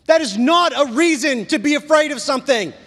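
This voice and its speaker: A youth pastor with a very high-pitched voice gives a casual sermon a little fast. He's animated and rambling, packing his talk with "like". The long reverb of a large hall surrounds the recording.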